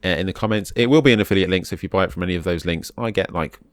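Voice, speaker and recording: A man's voice: low voice, racing, dry recording. A man in his forties giving casual gameplay commentary, reading the game text aloud with chatty, wry asides. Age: 40s. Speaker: game video host. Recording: faint background music.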